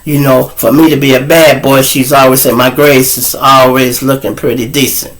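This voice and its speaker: A middle-aged man, hosting his show and telling a profane, animated story straight to his audience. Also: medium pitch, moderate pace. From Chicago. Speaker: show host. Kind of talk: storytelling monologue.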